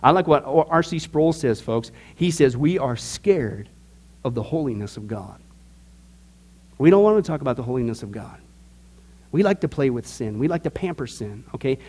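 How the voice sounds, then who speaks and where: Man, fairly high voice, Bible class teacher, emphatic, joking, questions to the class. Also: lively intonation, a little fast, darkish tone. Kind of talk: informal Bible study teaching. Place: class room with a group.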